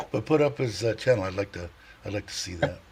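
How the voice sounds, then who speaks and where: A man's voice: lowish voice, animated, moderate pace, noisy background. Rambling, chuckling livestream host man. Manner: rambling and chatty, laughs often, many fillers and restarts. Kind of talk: casual livestream chat.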